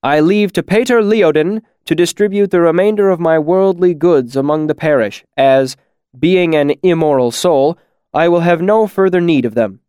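A man's voice: a little high, moderate pace, a little mellow, smooth, no echo, studio quality, voice pushed up, lightly acted. Man doing a cheeky young guy reading his will, grand and showy. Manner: grand, magnanimous.

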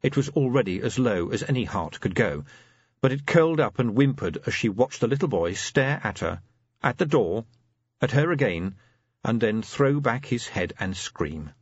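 Husky man narrating an audiobook, expressively. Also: mid-range voice, normal speed, no room sound, highs cut off. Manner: lively, expressive storytelling. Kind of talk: scripted narration.

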